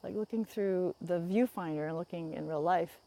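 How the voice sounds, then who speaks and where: A woman's voice: fairly low pitch, moderate pace, mellow. A woman chatting casually to her viewers on a phone livestream while walking through the woods, rambling and laughing often. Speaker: vlogger. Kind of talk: casual livestream walk-and-talk. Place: woods outdoors. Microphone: phone camera held out in front.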